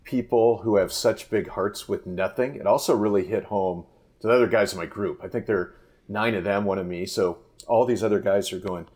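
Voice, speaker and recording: A low-voiced man who works as a fishing guide appears as a guest on a podcast interview, telling stories casually. He speaks fairly quickly, rambling through animated anecdotes and restarting often.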